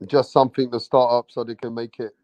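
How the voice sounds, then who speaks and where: A man interviewing in a relaxed, conversational way and asking leading questions. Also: mid-range voice, fast, dry recording. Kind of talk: casual interview talk. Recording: dry, dull lo-fi sound.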